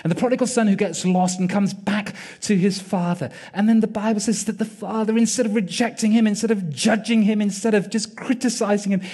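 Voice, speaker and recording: A man preaching, retelling a story vividly and dramatically with pauses and repetition. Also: high voice, fairly even intonation, mellow, husky. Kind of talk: sermon storytelling.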